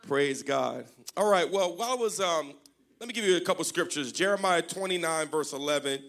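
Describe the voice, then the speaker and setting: A man's voice: a little high, expressive, fairly quick. A man preaching a sermon to his congregation, joking and calling for responses. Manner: call-and-response, joking, rising to shouts. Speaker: pastor. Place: church service before a congregation.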